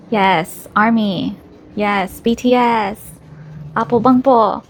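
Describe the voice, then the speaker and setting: A woman's voice: mid-range voice, fairly even intonation, slow pace, a little hiss or hum. A woman filming an unboxing vlog, gushing, gasping and squealing with delight. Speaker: vlogger.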